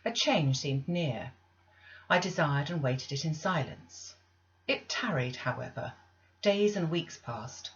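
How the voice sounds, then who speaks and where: A woman's voice: sits low, expressive. Woman reading a classic novel aloud, lo-fi. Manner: measured, deliberate reading with pauses. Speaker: audiobook reader.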